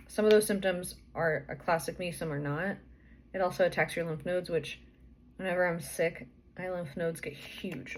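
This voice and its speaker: Young woman vlogging her story, kinda out of breath, rambly with lots of likes and ums, middle pitch. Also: fairly bright tone, a little hiss or hum. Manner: chatty, rambling with fillers and restarts. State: out of breath, pregnant. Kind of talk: casual personal storytelling.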